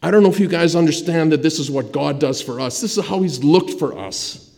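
A male pastor delivers a sermon as dramatic storytelling, rising to loud emphasis and then dropping almost to a hush. His voice is warm and mellow. A long reverb trails each phrase through the church hall. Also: on the high side, lively intonation, brisk, gravelly.

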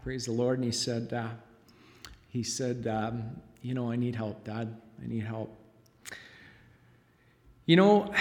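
Choked-up father's testimony in echoing hall. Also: on the high side. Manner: halting, choked up, frequent pauses and fillers. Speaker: father giving a testimony in church. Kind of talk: emotional church testimony. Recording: long reverb of a large hall.

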